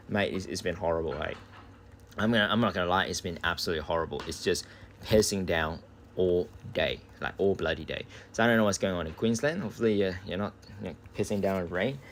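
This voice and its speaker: Australian man, casual game streamer, laid-back, cusses, lowish voice. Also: a little fast, slight background noise. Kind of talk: casual live-stream chat. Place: indoors at home.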